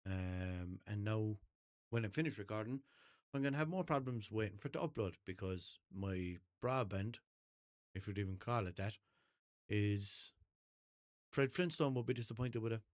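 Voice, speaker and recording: A man's voice: lowish voice, normal speed, no room sound, clean studio sound. An Irish man hosting his own podcast, rambling cheekily and swearing through an unscripted monologue from a chair at home. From Ireland. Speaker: podcast host. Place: home room, seated in a chair. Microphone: headphones and desk mic.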